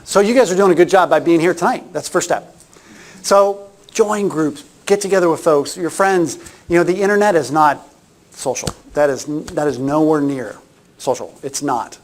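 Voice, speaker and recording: A middle-aged man giving a casual workshop talk, chatty and anecdotal, often restarting his sentences. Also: a little high. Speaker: workshop presenter.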